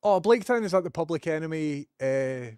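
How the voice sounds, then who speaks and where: A man's voice: fairly high pitch, animated, fairly quick, a little mellow, clear, resonant tone, no room sound, clean studio sound. A Scottish man chatting casually on a live stream, joking and laughing often.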